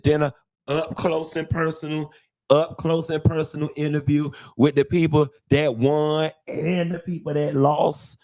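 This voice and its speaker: A man's voice: on the high side, darkish tone. Flamboyant, sassy male live-show host. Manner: flamboyant, sassy, drawn-out endearments; dramatic, playful rambling. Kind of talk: live-stream commentary.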